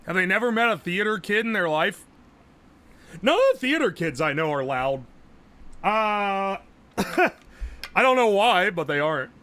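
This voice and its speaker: Man, streamer, casual live chat, loud, yells a lot, profane, sharp bright voice. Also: sits high, big pitch swings, measured pace, pauses often. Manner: loud, yells nearly every phrase; brash and profane.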